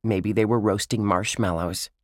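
A man's voice: fairly low pitch, fairly even intonation, moderate pace, no room sound, clean studio sound, close to an everyday voice. A man voicing a clever, curious young girl who thinks things through. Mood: thoughtful.

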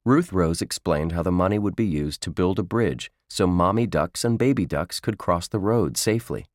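A man narrating a children's book in a slow, measured storytelling manner. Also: low-pitched, expressive, no echo, studio quality. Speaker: audiobook narrator.

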